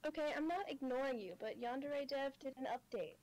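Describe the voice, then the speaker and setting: A woman's voice: sits high, brisk, darkish tone, slight background noise, poor audio. A woman in the room, offhand and distracted, commenting on the stream.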